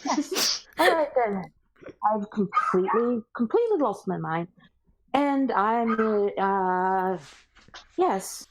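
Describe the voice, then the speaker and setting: A woman voicing a soft-spoken, nervous young man in a tabletop game, talking in faltering, halting bursts. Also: on the high side, sing-song, a little hiss or hum, poor audio. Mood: dazed.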